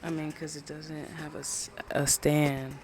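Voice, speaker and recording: Low-key rambling late-night podcast host. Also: little pitch movement, unhurried, a little hiss or hum. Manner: talking low and rambling, swears freely. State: winding down. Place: own home at night. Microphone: small handheld USB microphone.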